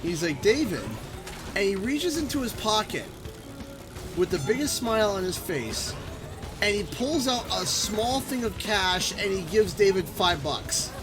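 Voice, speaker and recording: A young Canadian man live-streaming, telling a rambling, animated anecdote full of restarts. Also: sits high, a little slow. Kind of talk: casual live-stream storytelling. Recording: game music playing underneath. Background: game music.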